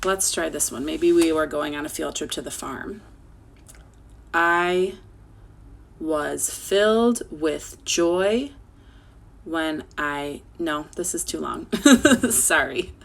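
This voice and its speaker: A low-voiced woman teacher speaks slowly with some vocal fry, patiently and encouragingly sounding out words and spelling them letter by letter for children. She is teaching remotely from home over a video call, giving a slow, clear spelling lesson.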